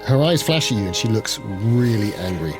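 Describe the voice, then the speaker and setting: A man's voice: on the low side, animated, normal speed. A man as game master, narrating a horror tabletop game and calling for rolls. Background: background music.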